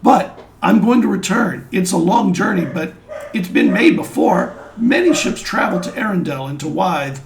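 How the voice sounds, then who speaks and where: Male game master playing a tearful drunk sailor dad, gravelly and pleading. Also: high-pitched, lively intonation, moderate pace, a little hiss or hum, pitched above the performer's own voice. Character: grieving drunk middle-aged sailor father.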